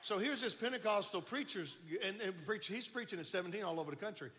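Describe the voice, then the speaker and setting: Brief: older man, folksy testimony, bright edgy voice, big hall echo. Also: high-pitched, fast talker. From Baton Rouge, Louisiana. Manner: animated, folksy, repeats words in restarts. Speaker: speaker giving testimony. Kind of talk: storytelling testimony. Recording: long hall reverb.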